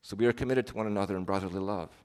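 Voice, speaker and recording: A man preaching a sermon, earnest, rising to emphatic swells and dropping to soft, quiet endings. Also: lowish voice, very fast, clear, resonant tone.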